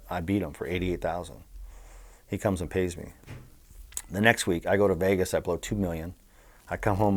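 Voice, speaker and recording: A middle-aged man from Southern California telling blunt, profane stories as an interview guest. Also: low voice. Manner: blunt, profane, animated storyteller. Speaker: interview guest, former bookmaker. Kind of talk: casual storytelling.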